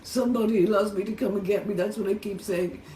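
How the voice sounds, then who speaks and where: A middle-aged Irish woman vlogs from a motel room, tearful and distressed, talking straight to camera in a raw monologue full of heavy swearing and angry outbursts. Her mid-range voice is steady and dark, the pace quick. She sits far from the mic, so the sound is roomy with a faint hum behind it.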